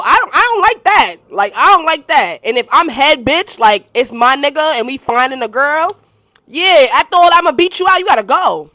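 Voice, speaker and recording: Blunt, animated woman podcast host. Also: high voice, dry recording. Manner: blunt, profane and animated, quick to apologize. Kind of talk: casual podcast chat answering listener questions.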